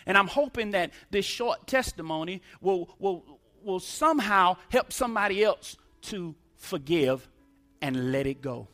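A man's voice: high voice, lively intonation, measured pace, a bit bright, soft background music. A middle-aged man preaching a sermon testimony, emphatic, using call-and-response.

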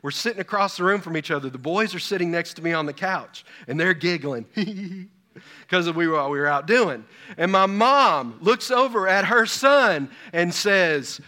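Man in his fifties, pastor, sermon, high voice, bright tone, rhetorical questions. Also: normal speed. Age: 50s. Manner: animated preaching with rhetorical questions and personal stories.

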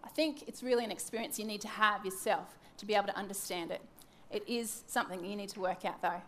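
A woman's voice: mid-range voice, fairly even intonation, fast talker, a bit bright, slight background noise. A woman in her thirties giving a devotional teaching talk, candid and self-mocking, acting out her own wandering thoughts. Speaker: church teacher.

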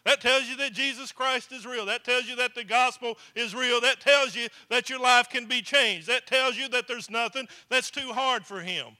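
A man's voice: extremely high pitch, moderate pace, few pauses, bright, forceful tone. A man preaching a folksy sermon to his congregation, speaking to them directly. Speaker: pastor. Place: church.

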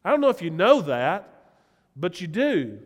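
A very animated pastor from the Southern United States delivers a conversational sermon at a moderate pace in a high, light voice, earnest and emphatic. He keeps putting direct questions to the congregation, his words ringing with a long church-hall reverb.

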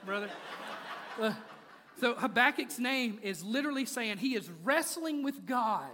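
A pastor with a very high, animated voice preaches at a normal speed in a church sanctuary, moving between playful asides and intense, rising appeals. Background noise is present, and the large hall produces a long reverb.

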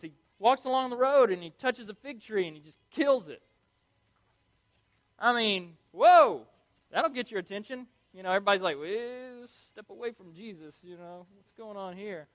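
Male preacher, high-pitched, energetic and emphatic with playful asides. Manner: energetic, emphatic, playful, repeats key words. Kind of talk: sermon.

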